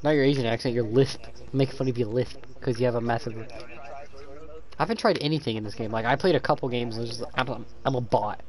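A man's voice: mid-range voice, a little fast, darkish tone. A young man chatting casually with friends while gaming, joking, laughing and repeating phrases. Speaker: gamer.

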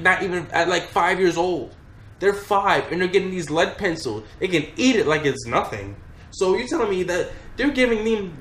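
In a casual storytime vlog, a young man with a fairly bright voice on the high side tells a rambling, profane story. The room is echoey, with faint background noise.

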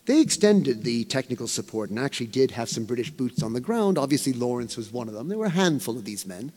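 A man giving a history lecture as a professor, telling it in a measured, emphatic way with rising stresses. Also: medium pitch, sing-song, dark tone. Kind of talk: academic lecture. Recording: long hall reverb.

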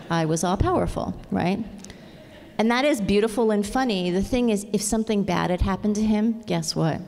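A woman's voice: lowish voice, vocal fry, dark tone. A middle-aged woman giving a conference plenary talk, earnest and engaging, often checking in with the audience. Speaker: conference speaker. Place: large conference hall. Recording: long reverb of a large hall.

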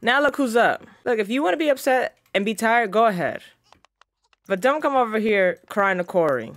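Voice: mid-range voice, lively intonation, normal speed, a bit bright, no echo. A gaming channel host giving casual let's-play commentary, scolding the game characters and reading on-screen text aloud. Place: home recording setup.

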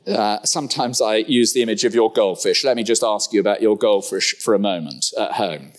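A man preaching a sermon in a church, animated and humorous, firing rhetorical questions at his listeners. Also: on the low side, fairly quick.

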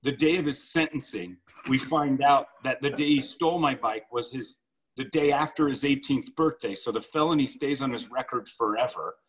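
A man's voice: medium pitch, normal speed, poor audio. A man co-hosting a podcast, telling a story in a blunt, vengeful way and acting out what people said. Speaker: podcast co-host. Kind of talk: casual storytelling.

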